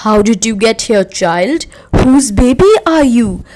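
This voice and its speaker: A woman reading the lines of a kind man who gently coaxes a lost child. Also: on the high side, animated, measured pace, slight background noise. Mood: coaxing. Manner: gentle, coaxing.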